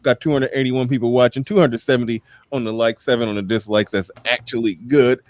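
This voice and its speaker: This man hosts a casual livestream from the United States, wandering through his talk with frequent laughter and repetition. His voice sits mid-range, slightly fast and a little mellow, with fairly even intonation on a dry recording.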